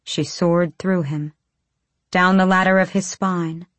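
A woman narrating a fantasy audiobook in a measured, low-key storytelling manner. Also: steady tone, no echo.

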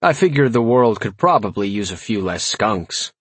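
A man reading a comic first-person audiobook with wry, lively storytelling. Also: lowish voice, normal speed, husky, no echo. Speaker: audiobook narrator.

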